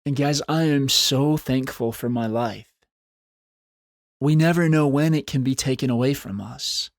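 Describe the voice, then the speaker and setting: A man's voice: mid-range voice, unhurried, no room sound, clean studio sound. A man hosting a solo podcast, talking in an earnest, encouraging way and repeating phrases for emphasis. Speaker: podcast host. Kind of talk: solo motivational podcast talk.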